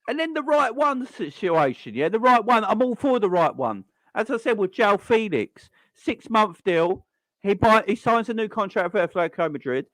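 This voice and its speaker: Animated man ranting about football. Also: high voice, moderate pace, no room sound, poor audio. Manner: animated, repetitive, addresses chat. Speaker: football fan streamer. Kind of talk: casual livestream rant.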